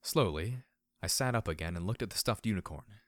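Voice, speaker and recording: Low-voiced guy reading a story aloud, reflective and a bit sardonic, super dry close sound. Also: lively intonation, brisk, a bit bright, no echo. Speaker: audiobook narrator. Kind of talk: first-person fiction narration.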